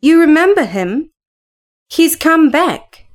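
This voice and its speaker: A woman's voice: high-pitched, very animated, takes it slowly, voice pushed up, heavily acted. A woman reading the part of a timid young servant who mutters and hesitates, in a storybook reading. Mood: nervous.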